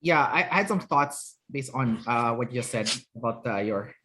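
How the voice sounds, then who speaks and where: A man's voice: medium pitch, normal speed, sharp tone, a little hiss or hum. A man hosting an interview as a personality trainer, talking casually with many fillers and tag questions.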